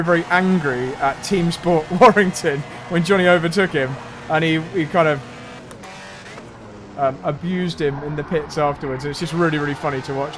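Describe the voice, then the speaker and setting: A man chatting casually to his viewers while he drives in a racing simulator on a live stream, laughing easily as he talks. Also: on the high side.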